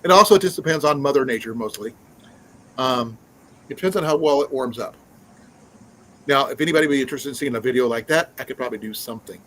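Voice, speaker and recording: A man's voice: medium pitch, fast talker, long pauses, sharp tone, a little hiss or hum, low-quality recording. A man hosting a casual live stream, chatting in a rambling way with many fillers and restarts. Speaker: livestream host.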